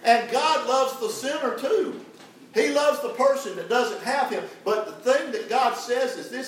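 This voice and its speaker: A man's voice: extremely high pitch, unhurried, a little hiss or hum. A man preaching a sermon, fervent and calling out for the congregation's responses. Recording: echoey church hall, distant mic. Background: congregation answering amen.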